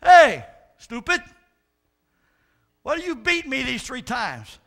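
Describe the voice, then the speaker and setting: A man's voice: very high-pitched, huge pitch swings, slow, vocal fry, a bit bright, exaggerated voice. A man voicing an indignant talking male donkey who scolds his master with scorn. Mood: scolding.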